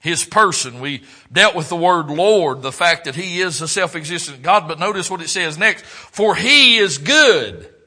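A man preaching a sermon, swinging between loud, fervent exclaiming and quiet, low reflection. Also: moderate pace, few pauses.

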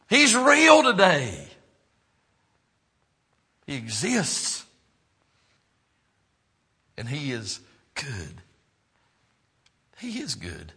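A man preaching a sermon, swinging between loud, fervent exclaiming and quiet, low reflection. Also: wildly swooping pitch, drawn-out words, long pauses, husky.

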